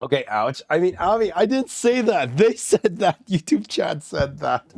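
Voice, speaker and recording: A man's voice: sits high, big pitch swings, moderate pace, vocal fry, darkish tone, no room sound, studio quality. A male streamer chatting casually while gaming, giggling often and rambling with lots of fillers. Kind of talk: casual livestream chat.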